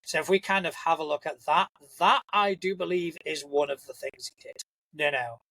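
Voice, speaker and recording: A man's voice: a little high, normal speed, bright, forceful tone, no echo, rough recording. A young man hosting a casual solo podcast, rambling and enthusiastic, swearing freely. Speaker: podcast host.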